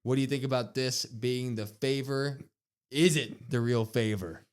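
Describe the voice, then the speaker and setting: A man co-hosting a wrestling podcast, recapping an episode in a casual, excited way and acting out the quotes in loud bursts. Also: mid-range voice, normal speed, clean tone. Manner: excited, acts out quoted lines with bursts of loudness. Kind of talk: casual recap, retelling promos.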